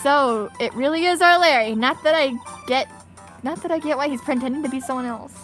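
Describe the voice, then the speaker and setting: Woman doing a dry, calm young man. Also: sits high, a little fast, faint music behind.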